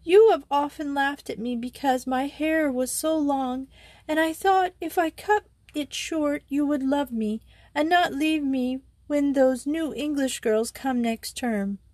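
A small, heartbroken French schoolgirl pleads through choked sobs in a high, thin voice, played by a woman reading aloud. She sounds timid and clinging. The storybook recording is dry and close. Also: unhurried, darkish tone, no room sound. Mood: sobbing.

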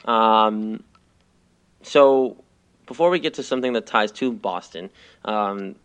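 A man's voice: fairly low pitch, slow, a bit bright, smooth. A man hosting a casual sports podcast, steering the talk in a teasing, easygoing way. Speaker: podcast host.

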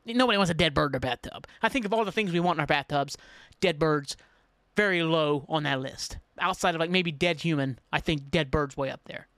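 A man's voice: a little high, brisk, dry recording. A man hosting a podcast, telling a funny story alone in a casual way, swearing and mocking himself. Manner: animated, swearing, self-mocking, acts out his own panic. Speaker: podcast host.

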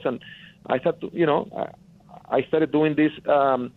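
A fairly high-pitched, steady voice at a measured pace belongs to a Mexican guest producer with a Mexican accent. He earnestly tells his story in a phone-in interview, repeating phrases for emphasis, over a tinny phone connection.

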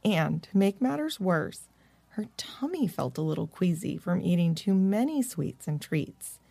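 A woman narrating a children's storybook in a gentle, measured way. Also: on the low side, big pitch swings, gravelly, breathy edge, no room sound.

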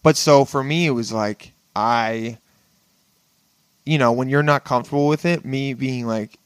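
A man's voice: medium pitch, a little slow, clear, resonant tone, no room sound. A young man guesting on a podcast, talking loosely and profanely, often laughing at himself. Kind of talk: casual podcast chat.

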